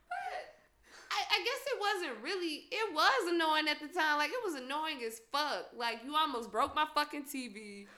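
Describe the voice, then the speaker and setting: Young woman host, high bright voice, cussing and laughing through a wild story. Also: normal speed, a little hiss or hum. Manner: profane, animated, laughing. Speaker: podcast host. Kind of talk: casual storytelling chat.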